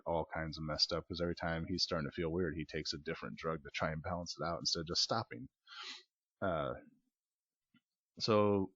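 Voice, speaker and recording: Low-voiced man rambling through a movie recap. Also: fairly bright tone, no room sound, muffled recording. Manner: rambling, filler-heavy retelling with quoted asides. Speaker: podcast movie reviewer.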